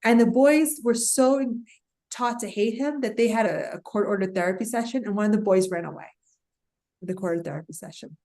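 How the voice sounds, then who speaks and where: Animated woman coach telling stories. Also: mid-range voice, fairly quick. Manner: animated storytelling, acts out clients' voices. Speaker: parental alienation coach. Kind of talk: podcast guest interview.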